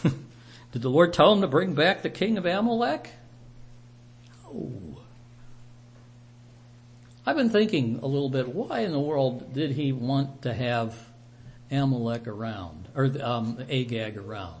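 Man, Bible study teacher, conversational storytelling, slow pace, very expressive pitch. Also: gravelly.

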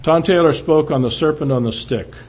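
An older man telling a personal testimony to a church, halting, with frequent restarts, often dropping low and quiet. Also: breathy edge. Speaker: speaker giving testimony.

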